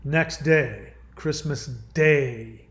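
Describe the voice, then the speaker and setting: A man with a slightly high voice recounts a painful personal experience. He speaks earnestly and haltingly, circling back and restarting his sentences as he goes. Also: fairly bright tone. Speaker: caller sharing a personal story. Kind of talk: emotional personal account.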